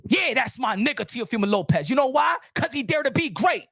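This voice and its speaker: A man hosting a boxing channel's live stream, ranting in a loud, heated voice and repeating lines for emphasis in profane street slang. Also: very high voice, lively intonation, normal speed, creaky, hardly any pauses, husky, no room sound, clean studio sound.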